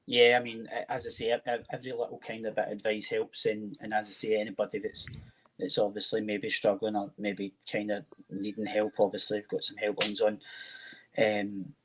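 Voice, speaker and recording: A Scottish man hosts a casual interview with a friendly manner. His voice sits low and stays level. He often falls back on the same habitual phrase. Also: monotone, brisk, husky, low-quality recording. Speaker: host.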